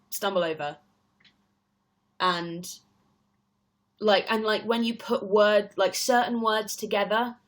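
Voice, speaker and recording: A young woman with an English accent, chatting casually on a live stream and reading out viewers' comments, rambling with lots of fillers. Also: mid-range voice. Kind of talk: casual chat.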